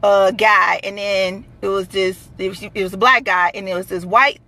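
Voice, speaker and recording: A woman telling a true story in a blunt, animated, profane way, full of fillers. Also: medium pitch, moderate pace. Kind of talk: casual storytelling to camera.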